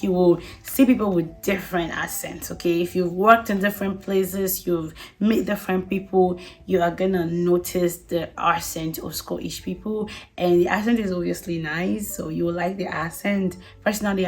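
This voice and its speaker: A woman giving casual advice to viewers, chatty and emphatic, often repeating herself and laughing. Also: fairly low pitch. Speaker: vlogger.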